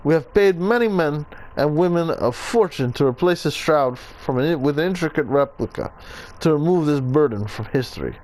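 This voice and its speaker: A man's voice: fairly high pitch, animated, moderate pace, few pauses, darkish tone, close to an everyday voice, poor audio. A man voicing a solemn male Italian assassin reading his journal, in a put-on Italian accent. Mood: grave.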